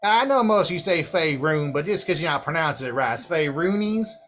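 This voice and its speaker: Man putting on a boastful redneck dragonborn guy, higher voice, loud, rambling drawl, cussing. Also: animated, extremely slow, a little hiss or hum, heavily acted. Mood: folksy ranting. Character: plain commoner male dragonborn, folksy and boastful.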